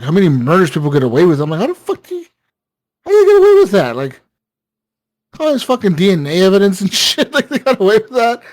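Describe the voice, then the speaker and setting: A man with a mid-range voice, recorded without echo, co-hosts a gaming podcast. He casually spins out a long, rambling story, peppered with filler words and profanity.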